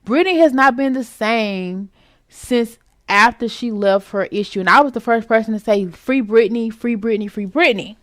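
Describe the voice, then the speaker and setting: A woman hosting a casual celebrity gossip commentary vlog, sassy and animated, throwing out rhetorical questions with some swearing. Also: mid-range voice, dry recording, clean studio sound. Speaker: commentary vlogger.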